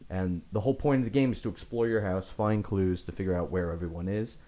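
A man co-hosting a casual gaming podcast, recommending a game with enthusiastic emphasis. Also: fast. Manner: enthusiastic reviewer, animated swings in pitch. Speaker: podcast co-host.

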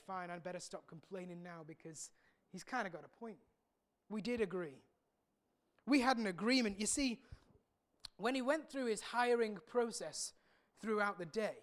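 A woman preaching a sermon in a frank, conversational way. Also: medium pitch.

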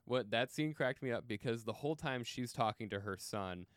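A man co-hosting a podcast in casual chat, animated, laughing often and quoting his own reactions. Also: medium pitch, normal speed, dry recording, clean studio sound. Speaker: podcast co-host.

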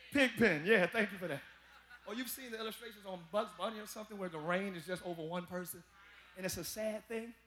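A male pastor whose voice sits high preaches live to his congregation in a large church, with noisy background. Folksy and addressing them as y'all, he moves from quiet asides into shouted peaks.

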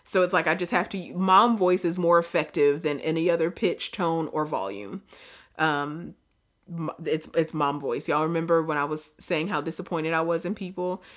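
A woman co-hosting a casual chat, animated and playful, slipping into loud silly voices. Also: low-pitched, moderate pace. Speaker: podcast co-host.

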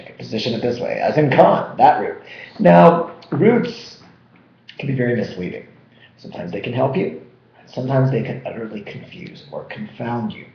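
A man teaching vocabulary with a lively, up-and-down delivery and a playful touch. His voice carries a roomy echo and sounds a little dull and lo-fi. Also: fairly low pitch. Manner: animated, jokey explainer. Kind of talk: energetic vocabulary lesson.

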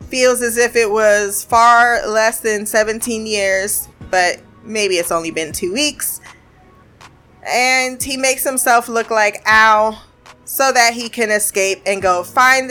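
Chatty high-voiced woman recapping a show. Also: pushed and bright. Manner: chatty, laughing, quoting characters in quick bits. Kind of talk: casual episode recap.

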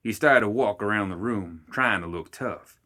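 A male storyteller narrating a story in steady, measured tones. His voice sits fairly low yet comes across bright and forceful. He reads the narration at an even pace. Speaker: audiobook reader. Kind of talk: scripted narration.

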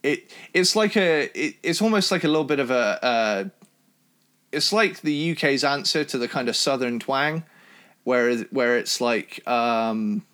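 A man's voice: measured pace, smooth. A man from Cornwall with a British accent, co-hosting a casual album review chat in an enthusiastic, talkative way. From Cornwall, England. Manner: enthusiastic, chatty, jumps in pitch when excited. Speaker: podcast co-host reviewing albums.

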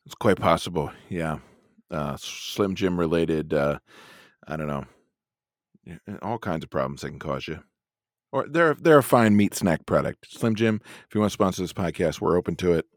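A man's voice: low voice, animated, moderate pace, no room sound, clean studio sound. A man co-hosting a podcast in a casual chat, joking and easygoing, laughing often. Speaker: podcast co-host.

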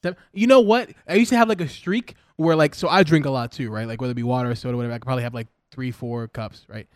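A young man co-hosting a comedy podcast, excitable and blunt in his banter. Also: fast talker, no echo, clean studio sound. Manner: excitable, swings up and down in pitch, blunt. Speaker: podcast co-host.

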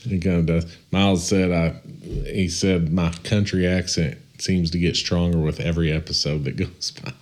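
A man co-hosting a casual podcast, talking in a relaxed, drawling way. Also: sits low, moderate pace. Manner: relaxed, drawling, laughs easily. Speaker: podcast co-host.

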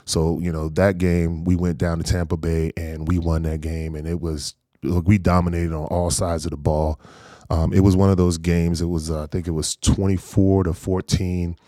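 A man in his forties from North Carolina, a former pro football player, recalls old games in an easygoing way. His voice is deep and the sound is close and dry. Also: moderate pace, no room sound. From North Carolina, USA. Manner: easygoing, animated anecdotes with frequent laughs. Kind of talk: casual storytelling interview.

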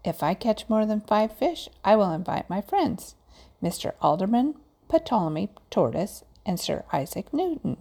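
A woman's voice: mid-range voice, big pitch swings, normal speed, vocal fry, mellow, breathy edge, pitched above the performer's own voice, full character voice. A woman voicing a genteel little male frog with polite, proper speech in a storybook reading. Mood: prim, mild. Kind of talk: storybook read-aloud.

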